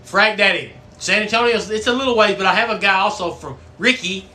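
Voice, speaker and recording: Bright-voiced man chatting live. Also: sits high, a little fast, slight background noise. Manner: folksy, swearing, chatty. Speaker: livestream host; coach. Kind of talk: casual livestream chat.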